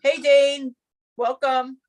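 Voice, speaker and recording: An earnest woman co-host with a fairly high voice who talks in an encouraging, advice-giving way. She sounds relaxed and conversational. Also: slow pace. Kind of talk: casual chat.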